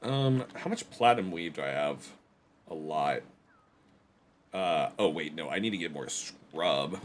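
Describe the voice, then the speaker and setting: Streaming a survival game, this man chats casually with his viewers, rambling and cracking self-deprecating jokes as asides to chat. His voice rumbles low and expressive at a measured pace, with a little hiss or hum behind it.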